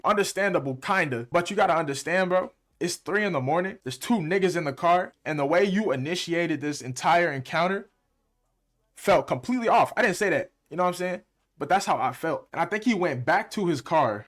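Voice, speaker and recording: A young man, a music producer and streamer, telling a story in a fast, heated, slang-heavy way. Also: fairly high pitch, a bit bright. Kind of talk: casual storytime.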